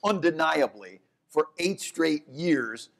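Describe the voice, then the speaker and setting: A man, an economics professor, talking onstage in a lively, fast way that often breaks off and corrects itself. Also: on the high side, creaky. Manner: animated, talks in quick bursts, restarts and corrects himself. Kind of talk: onstage conversation.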